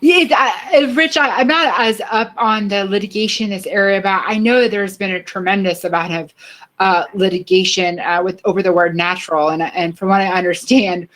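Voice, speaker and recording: A woman's voice: medium pitch, a little fast, a bit bright. A woman hosting a conversation, asking questions in a friendly way with frequent fillers and restarts. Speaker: podcast host. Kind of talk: casual interview chat.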